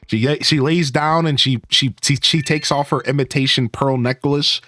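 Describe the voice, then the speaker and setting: A man with a medium-pitched voice streams a video game at a normal speed, chatting casually with his viewers. He's animated and jokey, talking directly to chat.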